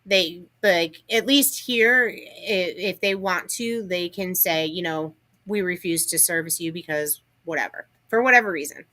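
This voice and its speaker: A woman co-hosting a casual livestream, telling stories in a chatty, animated way. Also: fairly low pitch, a little slow. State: has the hiccups. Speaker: livestream co-host.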